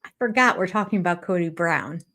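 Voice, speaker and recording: A woman's voice: on the low side, fairly quick, bright, forceful tone. An older woman giving sarcastic, amused reaction commentary on a reality show, often laughing. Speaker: YouTube commentator.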